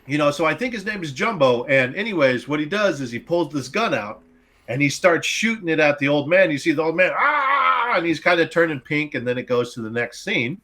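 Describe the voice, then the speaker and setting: A man hosting a casual movie review podcast, recapping scenes in an animated, profane way. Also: a little high, brisk. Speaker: podcast host.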